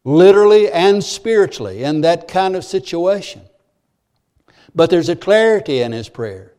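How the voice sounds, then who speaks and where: A man's voice: high voice, animated, moderate pace, a little mellow. A man preaching a sermon in church, earnest and repeating key phrases for emphasis. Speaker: pastor.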